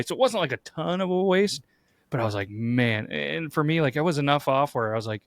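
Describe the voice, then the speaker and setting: A man's voice: a little high, expressive, quick pace, gravelly, no echo. A married man hosting a podcast, telling stories in a blunt, profane, casual way. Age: adult, married. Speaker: podcast host. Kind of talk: casual chat.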